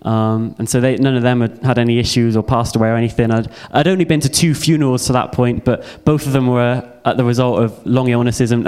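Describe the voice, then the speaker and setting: A man's voice: medium pitch, darkish tone. A young man speaks in a mid-range voice, delivering a heartfelt testimony sermon. His telling is earnest and personal, and he circles back to key phrases to drive them home. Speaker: youth speaker.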